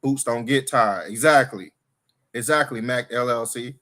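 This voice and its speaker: A man's voice: mid-range voice, a little slow, sharp tone. A young man co-hosting a casual live sports stream, reading viewer comments aloud, teasing his co-host and laughing often.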